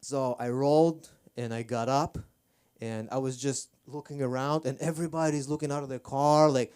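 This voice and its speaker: A man's voice: medium pitch, fairly even intonation, moderate pace, few pauses, a little mellow, clean tone. A man performing rambling, self-deprecating stand-up on a comedy club stage. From Armenia.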